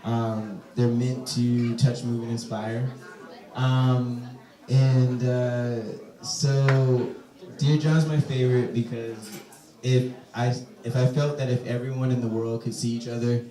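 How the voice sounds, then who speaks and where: A hesitant, soft-spoken man answers questions from a live audience. His pauses and fillers come through a distant mic. The room around him is echoey. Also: medium pitch, flat delivery. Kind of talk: live Q&A at a poetry reading. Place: echoey event space.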